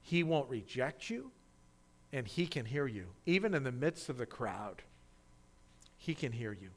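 A man preaching a sermon, reading scripture and then expounding on it, swinging from loud, animated cries in the quoted voices to quiet, intimate asides. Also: medium pitch, measured pace. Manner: acts out quoted voices loudly.

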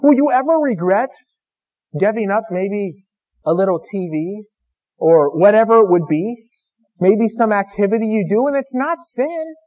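High-voiced man preaching with passion. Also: very animated, a little slow. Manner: impassioned preaching, swinging between loud and hushed. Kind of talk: sermon. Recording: dull lo-fi recording.

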